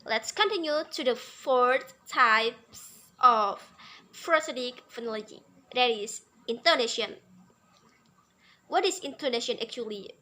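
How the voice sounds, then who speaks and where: A young woman, an Indonesian native, explains an English lesson in a high, bright voice. She reads slowly from her notes and repeats words as she goes. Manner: slow, careful reading with fillers and repeated words. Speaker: English teacher. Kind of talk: reading lecture notes.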